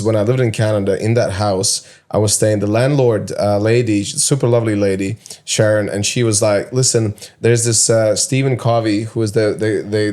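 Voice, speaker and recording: A man's voice: lowish voice, darkish tone. A man hosting a casual podcast, talking loosely and chattily and laughing easily. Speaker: podcast host.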